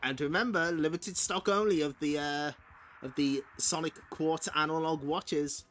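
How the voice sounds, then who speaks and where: A man's voice: a little high, steady tone, unhurried, a bit bright, a little hiss or hum. A man hosting a stream, reading a comic aloud and making casual, wry asides with frequent laughter. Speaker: streamer host. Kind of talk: casual comic read-along commentary.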